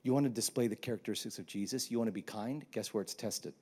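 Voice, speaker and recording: On a church stage, a pastor delivers an animated sermon, joking and acting out Bible scenes and quotes in put-on voices. He talks fast in a lowish voice.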